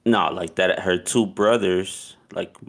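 A man casually telling a long personal story, animated and profane, acting out what people said. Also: deep voice, slow, gravelly. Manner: animated, profane, acts out quotes with laughs.

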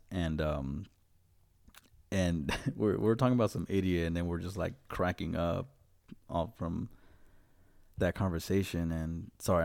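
A man's voice: low-pitched, vocal fry, darkish tone. A man hosting a podcast in casual chat, rambling and profane, breaking into laughter often. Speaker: podcast host.

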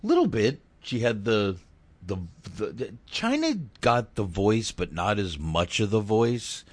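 Guy host rambling about a movie, crude jokes, lots of ums, dry deep voice. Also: very animated, measured pace, no echo. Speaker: podcast host. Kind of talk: casual film review chat.

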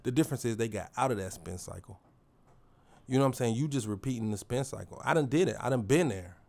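A man's voice: medium pitch, animated, fast talker, creaky, darkish tone. A man hosting his own podcast, giving a motivational monologue in a preachy, slang-heavy way and repeating phrases for emphasis. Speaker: podcast host.

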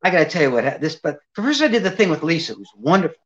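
The speaker is an older man, a ventriloquist guest, who tells a long interview story at a very fast clip in a fairly high voice. He animatedly imitates the quoted people, and the audio quality is dull and lo-fi.

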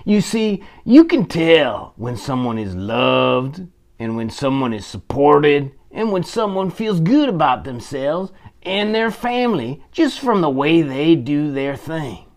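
Storybook horse, kind and earnest, lively pitch, played by a man. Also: slow pace, full character voice. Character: kind, admiring male farm horse.

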